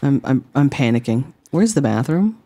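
A woman streaming a game, chatting to her viewers with rambling, deadpan jokes. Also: extremely low pitch, moderate pace. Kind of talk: casual gameplay commentary.

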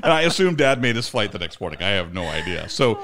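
A man's voice: fairly low pitch, very animated, quick pace, fairly bright tone. A middle-aged man co-hosting a podcast, telling a story in casual chat and laughing often as he talks. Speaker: podcast co-host.

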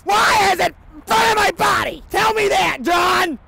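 An actor playing a goofy male cat-food pitchman who thinks he is a cat, in a comedy sketch of a fake commercial. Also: creaky, raised voice, crowd noise, heavily acted. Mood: ranting. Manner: slow, over-eager pitch that breaks into rants.

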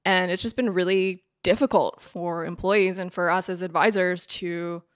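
A woman co-hosting a casual finance podcast, chatty and animated, laughing often. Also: on the low side, moderate pace, no room sound, studio quality. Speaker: podcast co-host, financial advisor.

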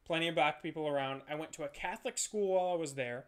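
A comedian man from Ohio talks loosely at a podcast table, swearing freely and poking fun at himself. His voice sits a little high for a man. He rambles through drunken, casual banter. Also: quick pace, smooth. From Ohio, USA. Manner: loose, profane, self-mocking.

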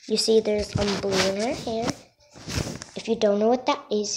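A woman casually showing off her drawings, halting and self-conscious, often apologizing. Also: medium pitch. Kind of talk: casual show-and-tell. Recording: noisy home recording.

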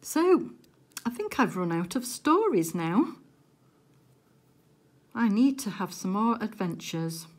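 A woman chatting casually while she works on a diamond painting at home, with gentle, softly murmured asides. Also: mid-range voice, sing-song, slow, long pauses. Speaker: crafting vlogger.

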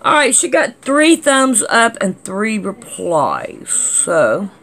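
A woman's voice: medium pitch, sing-song, takes it slowly, fairly bright tone. A woman hosting a casual vlog, reading out viewer comments in a chatty, scolding, drawling way. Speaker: channel host reading comments.

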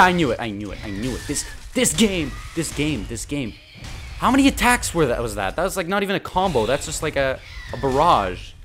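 A young man commentating his own gameplay, excitable and frustrated, swearing and talking back to enemies on screen. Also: fairly low pitch. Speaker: gaming channel host.

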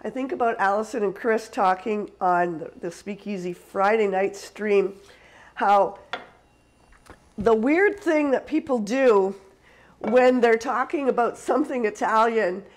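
A woman's voice: medium pitch, measured pace, low-quality recording. A woman from Canada hosting a live cooking stream in a casual, chatty way, laughing often and answering viewers as she cooks. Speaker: cooking show host.

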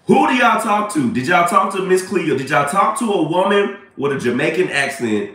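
A man's voice: high-pitched, big pitch swings, normal speed, few pauses, fairly bright tone, far from the mic. A man hosting a casual live stream, chatting with viewers and laughing often. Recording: echoey room, away from mic.

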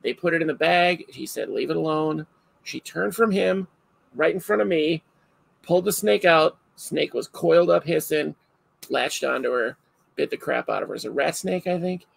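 A man hosting a casual chat, telling stories in an animated way and laughing often. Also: a little high, moderate pace, gravelly, breathy edge, low-quality recording.

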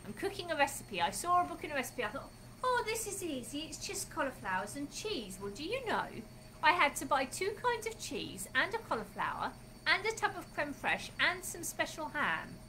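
Cheerful high-voiced woman hosting a kids' club. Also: big pitch swings, fairly quick, bright, forceful tone, a little hiss or hum, poor audio. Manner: cheerful, sing-song greetings. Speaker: children's Bible club host. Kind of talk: friendly talk to children.

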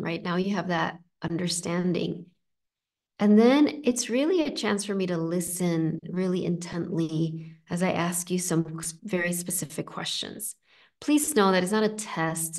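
Gentle, reassuring woman coach. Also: on the low side. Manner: gentle, reassuring, conversational with frequent fillers. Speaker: inner child coach. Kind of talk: live coaching session, reading chat comments.

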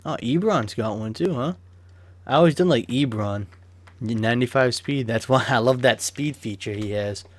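In a dry recording, a young man with a medium-pitched voice at normal speed gives chatty football-game commentary while opening card packs. The gaming YouTuber swears freely and snaps into rants without warning.

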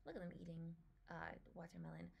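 A woman chatting casually as she reacts to a trailer, gushing and excited, often dipping into a soft whisper. Her voice sits a bit low and has a gravelly, creaky edge, with a faint hiss behind it. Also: quick pace. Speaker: reaction video creator.

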